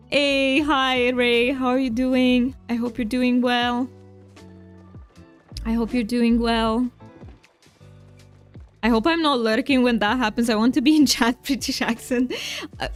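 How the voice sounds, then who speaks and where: A woman from Romania chatting with viewers while she streams a game. She plays up her Romanian accent for fun, talks kindly to chat and laughs easily. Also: fairly high pitch. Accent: Romanian, played up for fun. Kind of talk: casual live-stream chat while gaming.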